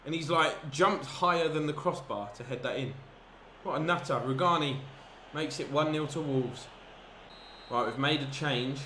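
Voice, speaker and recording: A man commentating on his own football video game match, chatty and easily excited, breaking into shouts at big moments. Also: a little high, normal speed. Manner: excitable, bursts into shouts at chances. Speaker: gaming commentator. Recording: echoey room with background noise.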